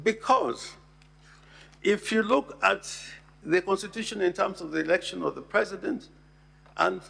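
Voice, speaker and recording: A man giving a formal address to a Senate hearing as counsel. He speaks in a deliberate, emphatic way and pauses to stress key words. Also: high-pitched, gravelly, a bit bright, husky.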